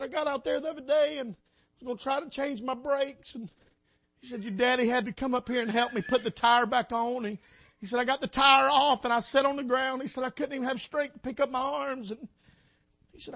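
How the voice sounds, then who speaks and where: A preacher man with a strikingly high, ringing voice and a bright, forceful edge. He preaches with passion, swelling and dropping as he calls out to his congregation from the pulpit. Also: steady tone, a little fast. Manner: impassioned, rising and falling, calls out to the congregation. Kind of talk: sermon. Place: church sanctuary.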